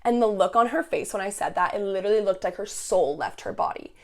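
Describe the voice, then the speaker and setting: A young woman rants through a roommate story, cursing freely and jumping into the voices of the people involved. Her voice sits at an ordinary middle pitch, and her delivery is loose, casual and animated. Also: fast. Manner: swears a lot, heated and animated, quotes people as she tells it. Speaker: podcast host.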